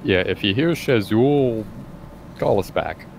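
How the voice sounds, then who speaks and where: Joking low-voiced male player. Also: lively intonation, slow, vocal fry, a little mellow, slight background noise, poor audio. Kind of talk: casual in-character play.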